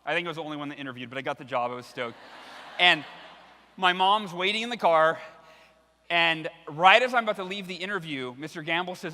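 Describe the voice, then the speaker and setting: Bright-voiced man giving a keynote in a hall. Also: on the high side, fairly quick. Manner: animated, acts out voices in his anecdotes. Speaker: keynote speaker. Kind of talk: storytelling keynote speech. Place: large hall with a live audience. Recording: long hall reverb from the stage.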